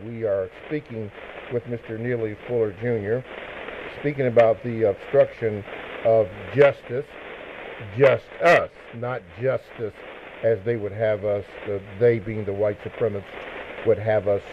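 A man's voice: fairly low pitch, steady tone, normal speed, slight background noise. Hesitant male radio host. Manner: hesitant, with many fillers and restarts. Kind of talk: live radio interview. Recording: narrow radio broadcast sound.

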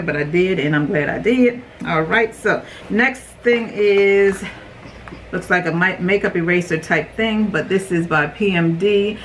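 A young adult woman chatting casually while unboxing beauty products, rambling, her voice jumping high when she reacts. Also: slight background noise, low-quality recording. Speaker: beauty vlogger.

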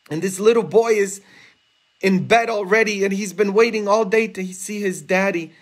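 A man preaching a homily, earnest and emphatic, rising high and intense for rhetorical questions. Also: normal speed. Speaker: priest. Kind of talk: sermon. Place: church, livestreamed.

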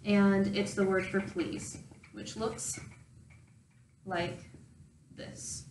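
A woman's voice: medium pitch, level tone, very slow, pauses often, darkish tone, distant mic. Young woman, chatty step-by-step lesson, wry asides; roomy, off-mic sound with faint hum. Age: young adult. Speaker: language teacher. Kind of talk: casual spoken lesson.

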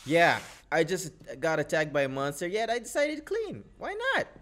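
A man's voice: fairly high pitch, sing-song, normal speed. A man giving jokey, exclaiming let's play commentary, chatting to his viewers as he plays. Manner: jokey, exclaiming, talks to viewers while playing. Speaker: gaming YouTuber. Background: loud game music.

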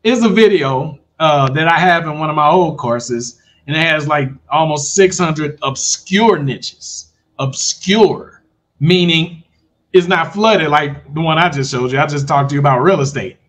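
A man coaching viewers in a casual, animated talk, often checking they follow along. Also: fairly high pitch, measured pace. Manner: animated, talks straight to viewers with repeated check-ins. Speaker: online business coach. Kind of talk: casual livestream pitch.

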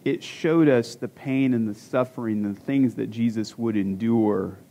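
Forty-something pastor guy preaching in church, chatty, asks the crowd stuff, mid pitch voice. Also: a little slow, creaky, dark tone, slight background noise. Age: 40s. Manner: conversational, self-deprecating jokes, rhetorical questions. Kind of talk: sermon. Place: church sanctuary.

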